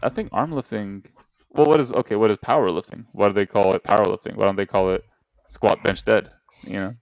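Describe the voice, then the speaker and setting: A man's voice: fairly low pitch, fairly even intonation, brisk, gravelly, darkish tone, no echo, rough recording. A young man co-hosting a casual podcast chat, joking and teasing his friends and trying silly accents. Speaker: podcast co-host.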